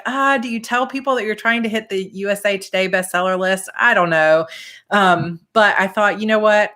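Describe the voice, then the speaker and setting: Woman, thirties, Georgia Southern accent, slightly low-pitched, casual live-stream chat, chatty and effusive. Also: pushed and bright. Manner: chatty and effusive, reads viewer comments aloud. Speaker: author hosting a live stream.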